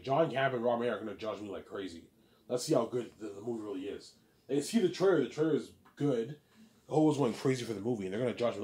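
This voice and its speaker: This man, a self-published author and vlogger, brags at length about his book, cursing often and repeating lines as he performs praise he imagines receiving. He speaks in a mid-range voice with a dark tone.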